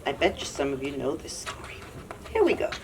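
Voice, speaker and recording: A woman, a children's librarian, reading picture books aloud at storytime with animated delivery, recorded slightly distant with faint hiss. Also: low-pitched. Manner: slow, animated read-aloud.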